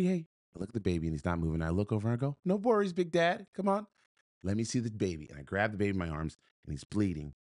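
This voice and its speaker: A man's voice: sits low, no room sound, studio quality. A man telling a story on a podcast in an emphatic, punchy way, repeating phrases and restarting.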